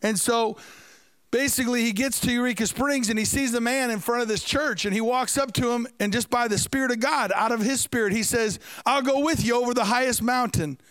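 Preacher guy telling a story, high smooth voice, dry sound. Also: fairly even intonation, brisk, fairly bright tone, no room sound. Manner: storytelling with asides to the congregation. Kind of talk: sermon storytelling.

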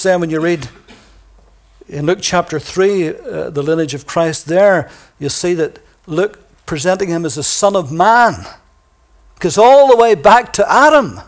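A man preaching a sermon in a church, stressing key words by slowing down. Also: sits high, animated. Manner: reads scripture quietly and softly.

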